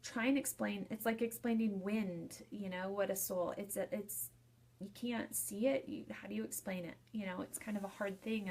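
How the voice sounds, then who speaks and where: A young woman, a funeral director and embalmer, giving casual, chatty advice in a live video talk and restating her points in loose lists. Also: mid-range voice.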